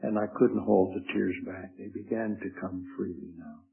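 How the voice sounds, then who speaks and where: Old guy preaching his testimony, gravelly and husky, sounds thin like over a phone. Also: sits low, fairly even intonation. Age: older. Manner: earnest, measured storytelling. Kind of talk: spoken testimony. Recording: tinny lo-fi phone-like recording.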